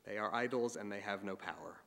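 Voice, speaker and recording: A man voicing a clever young boy who calmly explains himself to his father in a told story. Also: on the low side, fairly quick, creaky, big-room sound, pitched below the performer's own voice. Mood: sly. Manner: calm, explaining.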